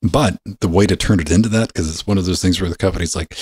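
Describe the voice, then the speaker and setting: A man hosting a podcast, his voice deep with a husky, rough edge. He talks in loose, profane rambles and now and then jumps way up in pitch. The sound is dry and close. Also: quick pace, hardly any pauses, darkish tone, no echo. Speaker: podcast host. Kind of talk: casual podcast banter.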